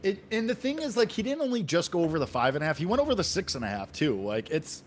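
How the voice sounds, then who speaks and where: Animated high-voiced New York man. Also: fast talker, a little hiss or hum. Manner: animated, emphatic rants with frequent "like". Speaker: sports betting co-host. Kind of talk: casual sports-betting chat.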